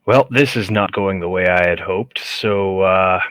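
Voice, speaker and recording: A man's voice: low voice, measured pace, a bit bright, dry recording. A man playing in a tabletop game, making casual, rueful remarks. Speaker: player.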